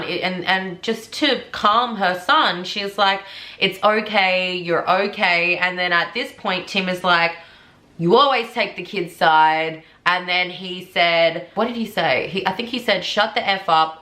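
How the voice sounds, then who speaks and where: A woman with a lowish, bright and forceful voice tells a true crime story in a chatty, conversational way. Her voice rings out in an echoey room. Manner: chatty, conversational retelling with fillers.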